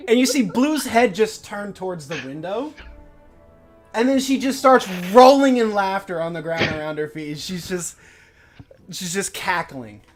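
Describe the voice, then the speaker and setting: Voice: mid-range voice, lively intonation, unhurried, soft background music. Casual game master, lots of fillers. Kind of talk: narrating a tabletop game.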